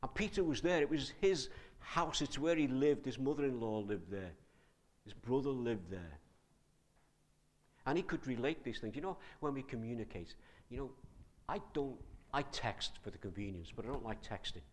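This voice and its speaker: A man preaching a sermon in a conversational, animated way, asking his listeners many questions. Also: mid-range voice, moderate pace.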